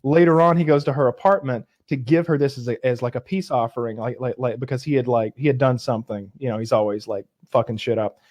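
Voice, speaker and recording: A man's voice: mid-range voice, quick pace, few pauses, dull audio. A man co-hosting a casual podcast, telling sitcom stories with lots of swearing and acted-out lines. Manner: animated storyteller, acts out sitcom lines, swears. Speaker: podcast co-host. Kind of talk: casual chat.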